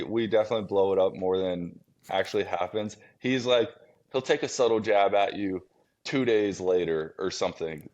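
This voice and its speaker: A young man being interviewed as a baseball pitcher, answering in a laid-back, modest way. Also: a little mellow, muffled recording. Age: young adult. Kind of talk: casual interview.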